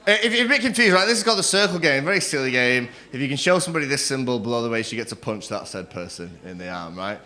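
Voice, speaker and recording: A young man doing a crude, cheeky stand-up set on a comedy club stage, acting out other people in quick quoted voices. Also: mid-range voice, very animated, bright, forceful tone. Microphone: stage microphone.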